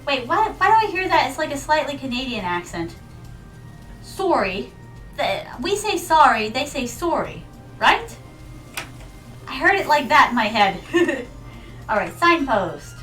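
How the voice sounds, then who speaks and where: High, bright-voiced playful woman streamer. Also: sing-song, normal speed, distant mic, low-quality recording. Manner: playful, giggly, dramatic outbursts. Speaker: VTuber streamer. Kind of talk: casual gaming stream chat. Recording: mic set back, faint music behind.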